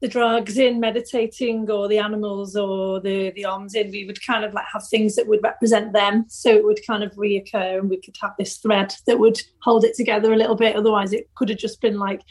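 A woman's voice: mid-range voice, little pitch movement, a little fast, hardly any pauses, a little mellow. A woman musician chatting casually, saying "like" a lot. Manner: chatty, uses "like" often. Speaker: musician guest. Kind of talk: casual chat.

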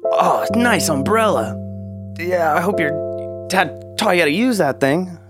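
Jittery, overeager little spider buddy voiced by a man, high and squeaky over loud guitar music. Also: animated, measured pace. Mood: nervous excited. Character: nervous, eager little male spider sidekick.

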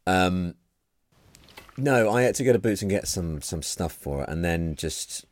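A man co-hosting a podcast in casual chat, dry and deadpan with plenty of swearing. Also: low voice, a little slow, dry recording. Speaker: podcast co-host.

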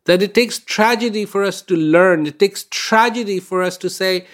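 A man with a high-pitched voice gives a reflective, inspirational talk at a moderate pace. He tells stories conversationally, uses fillers, and repeats words for emphasis.

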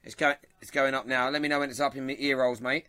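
A man's voice: mid-range voice, little pitch movement, fast talker, bright, forceful tone, smooth, no echo. A man with a London accent hosting a football show, chatting casually, reading viewer comments and laughing often. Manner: laughs often, banters with chat. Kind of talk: casual live-stream chat.

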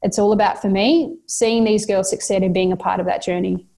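A woman's voice: medium pitch, steady tone, a little fast, vocal fry, mellow, soft background music. Earnest Australian woman coach. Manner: heartfelt, motivational, repeats herself while thinking. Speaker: football coach, guest. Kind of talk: earnest interview answers.

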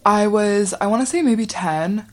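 A woman's voice: mid-range voice, measured pace. A young woman hosting a podcast, telling a story in a chatty, wry way with the odd swear. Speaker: podcast host. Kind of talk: casual storytelling.

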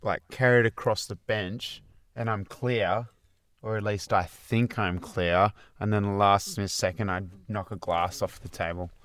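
A man's voice: fairly low pitch, fairly even intonation, measured pace, a bit bright. A man, co-hosting a podcast in laid-back, dry casual chat. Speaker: podcast co-host.

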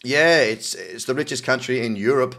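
A man's voice: mid-range voice, moderate pace, gravelly, a bit bright. A middle-aged Australian man casually reading out news articles and adding cynical, wry asides. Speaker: crypto news commentator.

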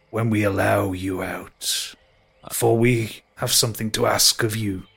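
A man voicing an ancient tree spirit who speaks slowly and solemnly. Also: on the low side, steady tone, vocal fry, a bit bright, breathy edge, exaggerated voice. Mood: stern. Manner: very slow, ponderous, solemn.

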